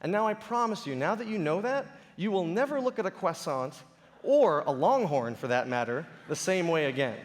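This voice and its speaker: Guy doing a stage talk, fairly high voice, animated storytelling, big hall echo. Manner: animated storytelling with playful impressions. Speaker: speaker giving a talk. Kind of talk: conference talk to a live audience. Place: large auditorium stage.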